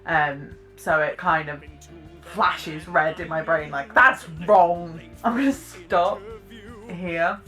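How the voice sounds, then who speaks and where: Bright-voiced British woman chatting. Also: lowish voice, takes it slowly, soft background music. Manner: chatty, self-deprecating, laughs often. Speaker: vlogger reacting to clips. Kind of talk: casual reaction commentary.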